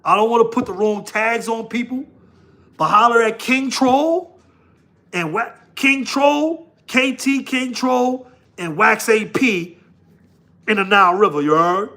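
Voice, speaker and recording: A man's voice: very high-pitched, a little slow, pushed and bright. A man with a New York accent hosting a casual livestream, laughing often and talking slangily to his chat. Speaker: livestream host.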